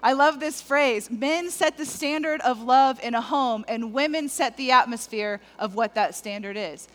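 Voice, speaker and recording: A middle-aged woman preaching a lively, conversational sermon to men, talking straight to the audience. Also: sits high, moderate pace. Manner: animated, conversational, addresses the audience directly.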